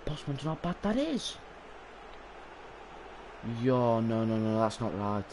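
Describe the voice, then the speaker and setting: A young man commentating his own live gameplay stream, excitable, swearing and yelling at the game. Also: medium pitch, measured pace, slight background noise. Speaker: gaming streamer.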